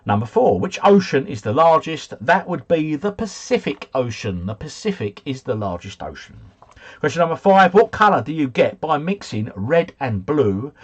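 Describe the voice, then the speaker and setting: A man's voice: fairly high pitch, breathy edge. A man hosting a casual live quiz stream, chatting and joking as he reads out answers and viewer scores. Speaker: quiz host.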